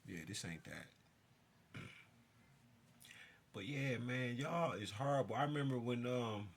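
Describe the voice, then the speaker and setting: A man with a gravelly, husky voice rants straight at his listeners. His delivery is intense and profane, and he keeps jumping around as he speaks. The voice sits at an ordinary middle pitch. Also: expressive, slow. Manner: jumps around while talking. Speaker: self-styled spiritual figure. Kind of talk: ranting monologue to camera.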